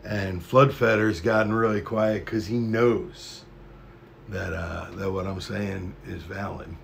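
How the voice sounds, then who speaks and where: A man's voice: low-pitched, fairly even intonation, takes it slowly, creaky, slight background noise. A man hosting a live stream, rambling in a profane, conspiratorial monologue to his chat.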